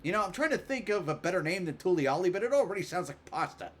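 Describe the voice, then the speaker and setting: A man streaming a game live, chatting casually, joking, thinking out loud with lots of fillers, and reading game dialogue aloud. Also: high-pitched, very animated, quick pace.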